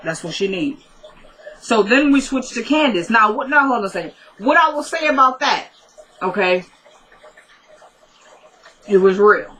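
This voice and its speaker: A woman recapping a TV episode in a casual, excitable way, retelling scenes with strong emotion. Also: fairly high pitch, a little slow, long pauses, rough recording. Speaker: TV recap vlogger.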